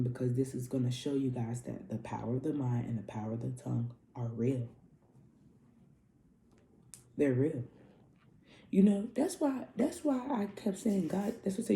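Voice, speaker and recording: A spiritual coach gives a casual astrology reading in a rumbling low, gravelly, warm voice. She's loose and profane, repeating herself the way a preacher would, and the recording has a roomy echo.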